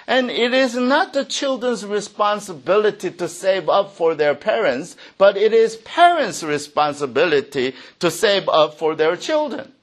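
A male pastor preaching at a slow, deliberate pace. His fairly high voice swings widely, climbing when he reads scripture and falling low for quiet asides. The manner is earnest and expressive. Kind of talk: sermon.

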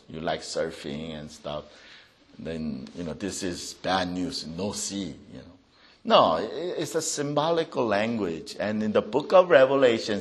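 A man preaching a sermon as a pastor, reading scripture aloud with emphasis and swinging between loud proclamation and soft asides. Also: fairly low pitch.

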